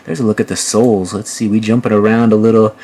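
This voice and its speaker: A male host giving casual, relaxed commentary while walking through online listings, with frequent fillers. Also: fairly low pitch, fast talker. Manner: relaxed, filler-heavy, chatty. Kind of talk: casual screen-share commentary.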